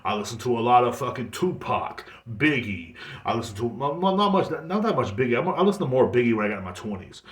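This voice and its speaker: A man's voice: mid-range voice, very animated, fast talker, few pauses. Profane, rambling man in an echoey room. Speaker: podcast host. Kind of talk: casual monologue.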